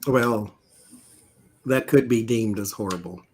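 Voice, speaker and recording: A man who reads tarot, telling jokey stories in an animated way and laughing often. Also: on the low side, measured pace, slight background noise. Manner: animated, joking, frequent laughter. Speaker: tarot reader, guest. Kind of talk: casual chat.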